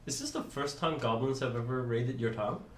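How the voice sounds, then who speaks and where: A man playing a tabletop game, asking questions in character in a measured, inquisitive way. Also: mid-range voice, reverberant, background noise. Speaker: player.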